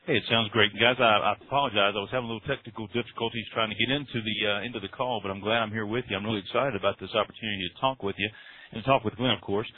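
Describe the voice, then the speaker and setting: A man's voice: fairly low pitch, fairly even intonation, rapid-fire, husky. A man from North Carolina with a Southern accent, telling his story as a client guest on a conference call in an earnest, self-deprecating way. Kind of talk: testimonial talk on a conference call. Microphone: phone call. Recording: dry phone-line audio.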